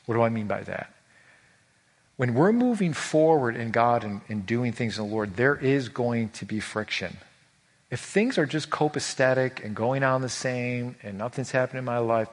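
A man preaching a sermon as pastor, earnest and emotional, who repeats words and swings from hushed to raised lines. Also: medium pitch.

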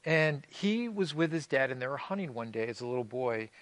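A man's voice: mid-range voice, animated, a little fast, a bit bright, no room sound. A man preaching a sermon as pastor, telling stories in a conversational way with light humor and often restarting phrases. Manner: repeats words as he restarts phrases.

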